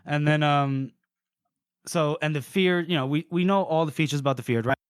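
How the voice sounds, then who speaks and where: Young man, podcast co-host, casual recap, laughing often, slightly high voice, dry sound. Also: normal speed, clean tone, no echo. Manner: laughing often, acts out characters' lines. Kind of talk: casual book discussion.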